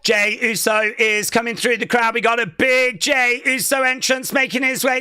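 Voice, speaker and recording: A host reacting live and excitedly during a stream, chatting, shouting and laughing between remarks. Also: medium pitch, normal speed, hardly any pauses, smooth.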